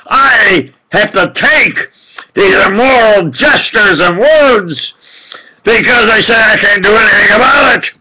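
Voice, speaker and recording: A man delivering an impassioned political rant as a self-styled preacher, swinging from low muttering to shouted outbursts and repeating himself for emphasis. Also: breathy edge, rough recording. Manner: repetitive, emphatic.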